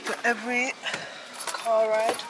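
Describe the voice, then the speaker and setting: A woman's voice: a little high, little pitch movement, a little slow, heavy background noise. A young woman chatting casually and joking for her travel vlog, laughing often, filmed on a handheld phone. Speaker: vlogger. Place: car, then busy restaurant. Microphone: handheld phone camera. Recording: loud music and crowd chatter behind. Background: loud music and crowd chatter.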